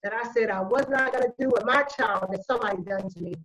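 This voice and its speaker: A woman's voice: fairly high pitch, fast talker, a bit bright, poor audio. A woman in casual group discussion, speaking animatedly and acting out exchanges with children. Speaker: panel guest sharing parenting views.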